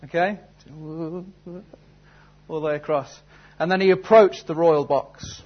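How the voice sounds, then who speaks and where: A man's voice: on the high side, fairly even intonation, slow, highs cut off. A man preaching a sermon, telling a story and then asking earnest, searching questions. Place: church service.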